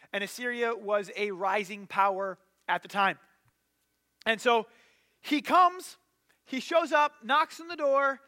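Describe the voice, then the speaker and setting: A pastor tells the story with casual, animated energy, dropping plenty of fillers as he goes. His voice sits very high for a man. It sounds bright and forward. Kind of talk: sermon storytelling.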